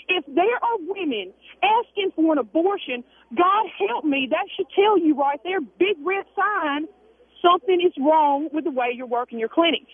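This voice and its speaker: A woman calling in to a radio show, arguing indignantly and insistently. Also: very high-pitched. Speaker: caller. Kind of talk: heated call-in argument. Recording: tinny phone line.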